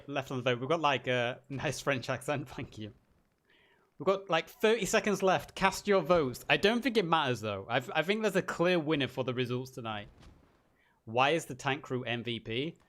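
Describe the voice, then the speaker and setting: A man's voice: medium pitch, a bit bright. A tired man, a caster rambling through a casual stream sign-off with self-deprecating jokes.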